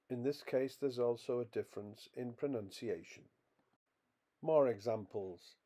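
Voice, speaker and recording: A man narrating a scripted English pronunciation lesson, reading out example words slowly and with clear stress. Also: medium pitch, dark tone.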